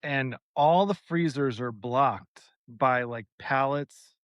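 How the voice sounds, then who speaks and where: A man cohosting a podcast, telling an exasperated, animated story in casual chat with plenty of swearing. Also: mid-range voice, slow pace, dry recording, dull audio. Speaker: podcast co-host.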